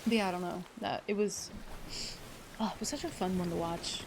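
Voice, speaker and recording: A woman streamer rambles to her chat in a gravelly, fry-laced voice, swearing freely and welcoming viewers by name. She is teary as she talks. A steady hiss of noise sits under the recording. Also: on the low side, a little fast, pauses often. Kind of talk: casual live-stream chat.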